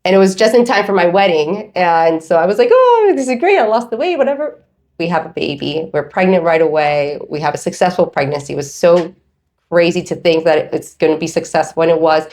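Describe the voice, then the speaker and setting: A woman around forty, a podcast guest telling her own story in casual chat, animated and acting out what others said. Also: deep voice, fairly quick. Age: 30s. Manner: animated storytelling with quoted voices.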